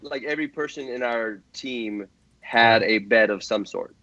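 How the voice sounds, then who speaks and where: A man's voice: medium pitch, unhurried, lo-fi sound, a loud crowd. A man guesting on a podcast, talking earnestly and at length, with lots of fillers and restarts. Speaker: guest drift driver. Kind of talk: casual podcast chat.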